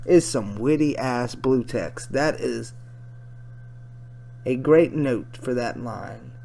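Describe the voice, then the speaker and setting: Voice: mid-range voice, slow pace, gravelly, mellow, soft background music. A commentator making dry, sarcastic asides between chat-log readings.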